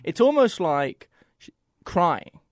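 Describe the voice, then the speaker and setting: Australian podcast co-host, male, earnest and animated, dry close mic. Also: high voice, slow, dry recording. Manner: earnest, lively, restarts often. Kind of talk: casual chat.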